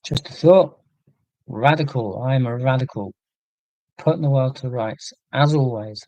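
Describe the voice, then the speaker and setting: In a casual livestream chat, a man thinks out loud in an earnest, rambling way, often restarting sentences and reading out and answering viewer comments. His mid-range voice is mellow, relaxed, and a little slow. The audio is poor, recorded dry and close with no room sound.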